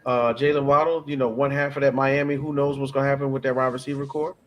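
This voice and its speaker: A man's voice: medium pitch, level tone, fast, a bit bright. A man hosting a casual sports chat, joking around and building hype as he makes his picks. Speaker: host.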